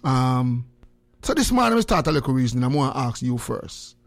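An older man from Jamaica with a Jamaican accent, hosting a morning radio show and chatting with callers in animated, laughing patois. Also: mid-range voice, brisk. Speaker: radio host. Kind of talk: casual radio chat with callers.

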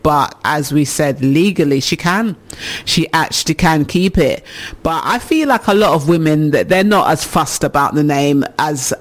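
A man with a somewhat high voice hosts a casual radio talk show. He muses aloud and laughs often as he reads out what listeners write in. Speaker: radio host reading listener comments. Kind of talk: casual chat.

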